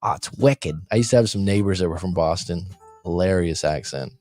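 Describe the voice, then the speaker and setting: Low-voiced man rambling on a livestream. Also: fairly quick, dark tone, soft background music. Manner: rambling, jokey, reads chat aloud. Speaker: coaching show host. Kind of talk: casual livestream chat. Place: room by street windows, abroad.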